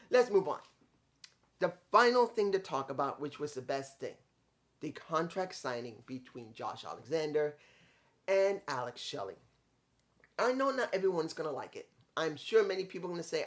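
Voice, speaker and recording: A man reviewing a wrestling show in casual, rambling commentary, getting frustrated and stumbling over names. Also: on the high side.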